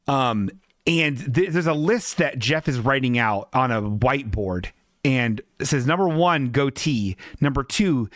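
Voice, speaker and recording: A man's voice: mid-range voice, fairly bright tone, dry recording, clean studio sound. Sarcastic, profane man riffing. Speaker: podcast host. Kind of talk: casual live commentary over a TV show.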